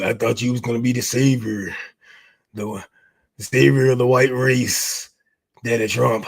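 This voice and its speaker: A man doing a mocking parody of a grown man whimpering and pleading, dropped well below his usual register. The voice is low and wounded, with every phrase dragged out in a sulky whine. It comes across as ridicule rather than real distress. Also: vocal fry, husky, no room sound. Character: whiny sobbing grown man mocked, begging "daddy".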